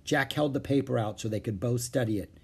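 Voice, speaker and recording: A man reading a children's chapter book aloud, with expressive narration. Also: mid-range voice, a little fast, creaky, breathy edge. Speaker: storyteller.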